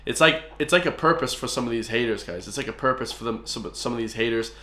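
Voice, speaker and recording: Irish male reactor, mid-pitched, chatty and excitable, room echo. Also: quick pace. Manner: excitable, keeps saying "man" and "guys". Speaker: music reaction host. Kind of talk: casual reaction commentary.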